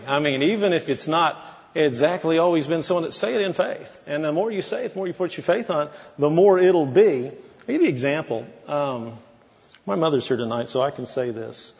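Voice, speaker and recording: A man's voice: a little high, highs cut off. Folksy preacher man in a reverberant hall. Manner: folksy, conversational preaching with asides. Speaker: pastor. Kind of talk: sermon.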